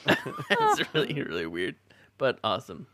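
A man leading a casual group reading of a gamebook, laughing often and pausing with fillers as he reads. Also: a little high, huge pitch swings, bright, forceful tone. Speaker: reader leading the group through the story.

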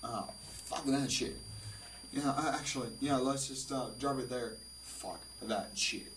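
A man's voice: medium pitch, a little slow, recorded from a distance, a little hiss or hum. A drunk man with a Finnish accent, rambling and swearing while livestreaming with his guitar. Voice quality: slurred, rambling, heavy swearing. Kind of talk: casual drunken stream chat. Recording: roomy, off-mic, loud guitar. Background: guitar music.

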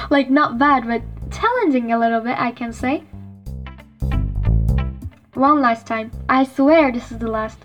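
A woman's voice: high voice, unhurried, long pauses, fairly bright tone, faint music behind. A woman reading scripted podcast dialogue, nervous and apologetic, laughing at her own slips. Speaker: guest on podcast.

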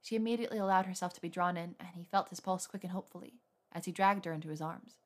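A woman narrates a romance story in a slightly low voice, keeping a steady, intimate storytelling pace. Her reading sounds scripted and even. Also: quick pace, hardly any pauses. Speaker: reader. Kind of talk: scripted fan fiction narration.

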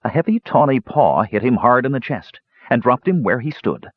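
A man reading a fantasy novel aloud in measured storytelling narration. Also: no room sound, narrow, tinny audio. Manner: measured storytelling, lively pitch. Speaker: audiobook narrator.

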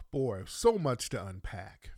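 A man's voice: medium pitch, darkish tone, slightly rough, no echo, clean studio sound. A man hosting a podcast, commenting on a played clip in an indignant, mocking way with repeated rhetorical questions. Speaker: podcast host.

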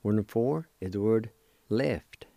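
A low, mellow man's voice with a Cherokee accent, spelling out words letter by letter at a very slow pace. His delivery is slow and careful, stretching each syllable. The sound is dry and close. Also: vocal fry, dry recording. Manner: slow, deliberate, drawn-out syllables. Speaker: language teacher.

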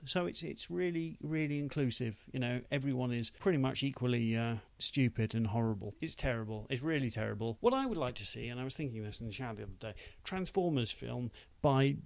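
A man's voice: mid-range voice, a little fast, vocal fry, no echo. A man giving a scathing, exasperated and sarcastic film review as a critic.

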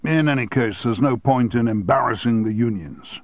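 A man reading an audiobook and voicing a blustering, domineering male newspaper owner who talks loudly and impatiently. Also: moderate pace, no echo, lightly acted. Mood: triumphant. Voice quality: loud, booming. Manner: bullying, impatient.

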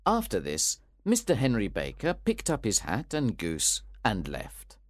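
A man narrating a storybook with a clear, even-paced reading. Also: lowish voice, measured pace, dry recording, studio quality.

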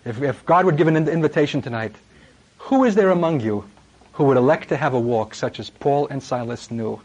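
A middle-aged man preaching a sermon, impassioned and dramatic, swinging from loud emphasis to hushed words. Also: medium pitch, brisk, highs cut off.

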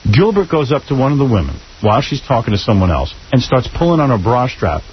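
A man's voice: medium pitch, sing-song, fast, husky. A male radio host interviewing a guest, blunt and teasing. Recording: dull radio broadcast sound.

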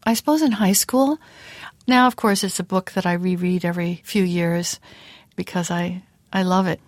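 A woman's voice: on the low side, moderate pace, dry recording. A woman answering interview questions about literature, articulate and emphatic. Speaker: literary commentator.

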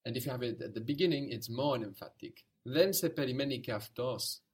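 A man's voice: mid-range voice, a little fast, darkish tone, breathy edge. A man teaching a language lesson, patiently prompting, repeating answers and explaining where words come from.

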